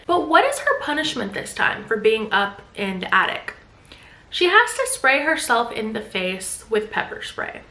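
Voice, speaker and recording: A young woman recapping a thriller novel in a casual, animated and emphatic way. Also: fairly high pitch. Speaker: book vlogger. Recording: echoey room.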